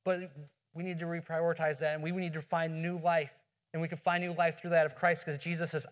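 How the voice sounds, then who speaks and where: A man's voice: on the high side, flat delivery, a little fast. A man preaching a sermon as pastor, earnest, asking rhetorical questions and often restarting his phrases. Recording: long hall reverb.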